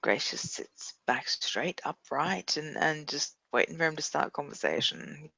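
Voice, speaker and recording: A man's voice: a little high, animated, a little slow, creaky, sharp tone, husky, dry recording. A man playing a character in a tabletop role-playing game, describing what she does in the third person. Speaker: player.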